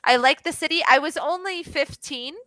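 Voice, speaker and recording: Young woman English tutor, bright and high-ish, dry close sound, chatty with lots of fillers, video call. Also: normal speed, no echo. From Florida. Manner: chatty, many fillers and restarts. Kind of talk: casual online lesson chat.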